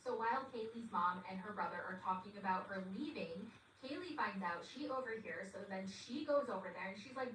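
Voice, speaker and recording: A woman's voice: mid-range voice, expressive, a little fast, hardly any pauses, a bit bright, recorded from a distance. A woman giving a chatty, sarcastic recap of a show, with dramatic asides. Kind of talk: casual recap commentary. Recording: echoey room, voice set back from the mic, faint hiss.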